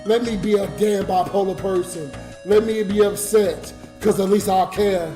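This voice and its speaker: A man's voice: high-pitched, normal speed, mellow, soft background music. A drunk man livestreaming to his chat, crying and ranting in an emotional, slurred way. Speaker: livestreamer and YouTube comedian.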